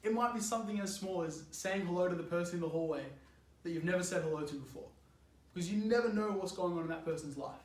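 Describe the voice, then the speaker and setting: Young male youth speaker, casual and animated, high voice, echoey room. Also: fast. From Australia. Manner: animated, chatty, laughs often, lots of "like". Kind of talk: youth sermon, casual storytelling.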